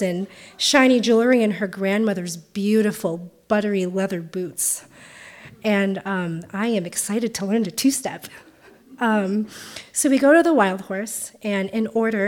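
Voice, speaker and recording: A woman in her late twenties with a Californian accent, telling a personal story in a conversational way with frequent ums. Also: on the high side. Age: 20s.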